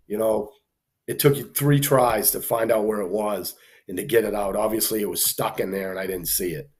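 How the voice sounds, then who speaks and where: A man with a lowish voice spins a casual story. He talks loosely, full of "you know" and "like", and jumps into the voices of the people he met. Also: normal speed. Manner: animated storyteller, acts out quoted people, frequent fillers. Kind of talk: casual anecdote telling.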